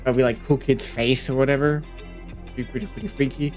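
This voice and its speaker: A man speaking fairly quickly in a mid-range voice casually walks through his 3D work, rambling playfully with plenty of fillers as he thinks aloud. He's a 3D animator and creator who gets excited easily, and faint music plays behind him.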